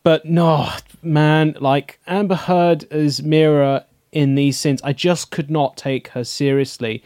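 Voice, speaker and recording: A man with a slightly high voice giving blunt, emphatic verdicts in a casual film review chat. He is recorded close and dry, with nothing behind him. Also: fairly even intonation, takes it slowly, darkish tone, no echo. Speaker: podcast co-host.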